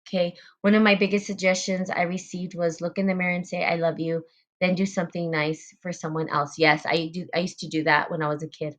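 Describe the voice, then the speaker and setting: A woman's voice: lowish voice, little pitch movement, fairly quick, a bit bright. A woman hosting a spiritual group talk, speaking earnestly about self-love, repeating phrases and using fillers. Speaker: podcast host.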